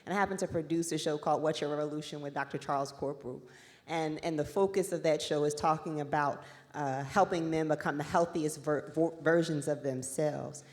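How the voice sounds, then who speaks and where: A woman's voice: low-pitched, steady tone, fairly quick, a little mellow. A woman from the audience asking a panel a question politely, recorded in a large hall. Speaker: audience member, radio producer. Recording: reverberant hall.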